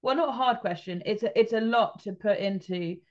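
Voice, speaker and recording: A woman's voice: medium pitch, fairly quick, lo-fi sound. A woman interviewing a ministry director, asking long questions with fillers and restarts.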